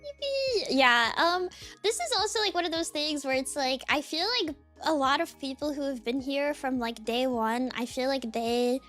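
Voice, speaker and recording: A woman's voice: high voice, normal speed, fairly bright tone, faint music behind. A woman streamer chatting casually at her desk in a bubbly way, full of fillers, greeting viewers one by one. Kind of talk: casual live-stream chat. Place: home desk.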